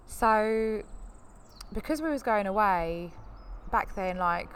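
A woman's voice: medium pitch, slow pace, a little hiss or hum. Candid woman telling a personal story. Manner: candid, rambling, animated when quoting others. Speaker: podcast host.

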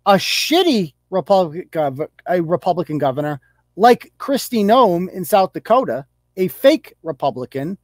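A man's voice: high-pitched, sing-song, normal speed, no echo, clean studio sound. A man hosting a podcast, delivering a profane, sarcastic, heated rant of political commentary. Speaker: podcast host.

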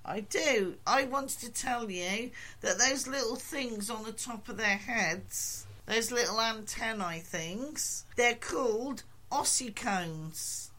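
An older woman, hosting a podcast as casual chat, telling stories with a dry, deadpan humour. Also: fairly high pitch, slow pace, hardly any pauses. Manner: dry, deadpan storytelling with comic asides. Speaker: podcast host.

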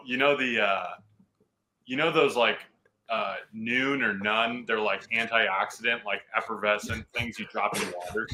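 A man in his thirties, a football player, telling an animated story on a podcast and laughing often. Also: mid-range voice, poor audio.

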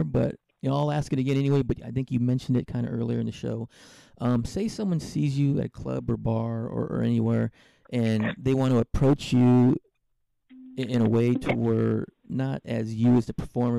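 A man's voice: medium pitch, vocal fry, mellow, no room sound. A man hosting a podcast interview, chatting casually and rambling with many fillers and restarts. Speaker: podcast host.

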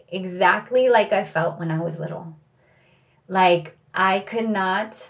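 A woman's voice: lowish voice, dull audio. A woman telling a personal story in a candid, reflective way, often saying "like" and "you know.".

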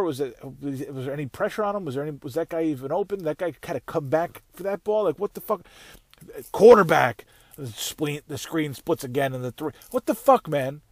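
A man's voice: a little high, a little mellow, no echo. A man hosting his own show, ranting angrily about football with heavy swearing and rambling restarts. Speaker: podcast host. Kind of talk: profane sports rant. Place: on the way to work, solo recording.

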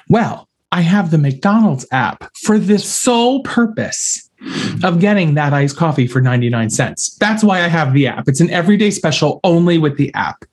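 Animated man telling dramatic stories. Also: a little high. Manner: dramatic, animated storyteller who acts out scenes. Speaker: podcast host. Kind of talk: podcast chat and storytelling.

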